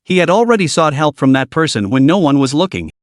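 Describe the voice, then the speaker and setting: A man narrating a comic recap in a steady, dramatic storytelling manner. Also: a little high, fast, no echo, clean studio sound.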